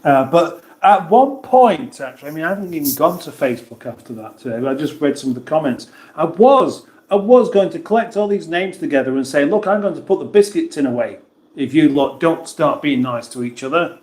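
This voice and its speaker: A man's voice: fairly high pitch, expressive, brisk, a little mellow, echoey room. A man hosting a casual livestream, reading viewers' comments aloud and answering them in a chatty, self-mocking way. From England. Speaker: livestream host reading chat.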